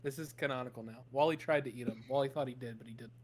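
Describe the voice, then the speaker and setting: A man's voice: medium pitch, racing. A man running a tabletop game as game master, narrating loosely with fillers and laughter.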